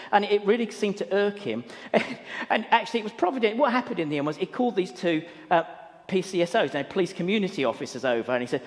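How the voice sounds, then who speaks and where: Lively high-voiced preacher. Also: male voice, fast. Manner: earnest storytelling with frequent repeated words. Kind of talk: sermon. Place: church hall. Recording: long hall reverb.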